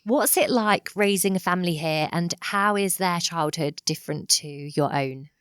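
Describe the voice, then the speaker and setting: A woman hosting an interview, asking friendly, unhurried questions. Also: lowish voice, clean tone, no room sound, clean studio sound.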